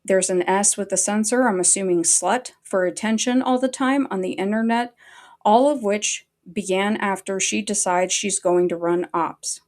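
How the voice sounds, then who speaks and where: Brief: woman streamer, heated and profane rant, mid-pitched voice. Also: moderate pace, a little mellow. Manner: angry, heavily profane. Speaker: livestreamer. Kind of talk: livestream rant.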